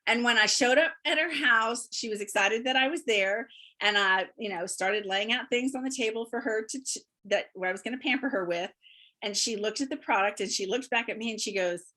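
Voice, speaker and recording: A woman guest on a remote interview, telling lively stories about her work and laughing often as she talks. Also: fairly high pitch, brisk. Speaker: guest, beauty consultant. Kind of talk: casual storytelling interview.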